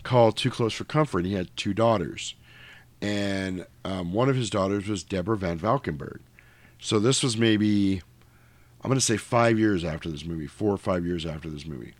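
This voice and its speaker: Man, casual movie recap, animated storyteller, dry close sound. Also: low voice, moderate pace, dry recording. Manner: animated retelling, acts out lines from the film. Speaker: podcast co-host.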